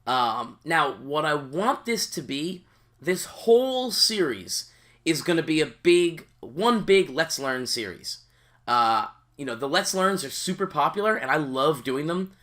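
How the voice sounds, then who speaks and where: A YouTube gaming host talks casually to viewers from home in a let's-play style, rambling with lots of fillers and restarts. His voice is a little high and fairly bright, with big pitch swings at a measured pace, and his seat creaks.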